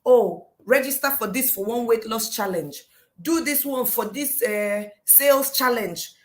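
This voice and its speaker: A middle-aged woman gives a devotional teaching, telling stories in a lively, expressive way. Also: on the high side, measured pace. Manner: lively storytelling, acting out quotes with shouts and laughs. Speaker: teacher leading a daily devotional series. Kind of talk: teaching a devotional talk on scripture.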